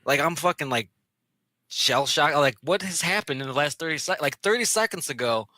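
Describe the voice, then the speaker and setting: A man co-hosting a podcast, telling a story in casual chat, animated and swearing freely, acting out the voices. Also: a little high, normal speed, no room sound. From Illinois area, USA. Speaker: podcast co-host.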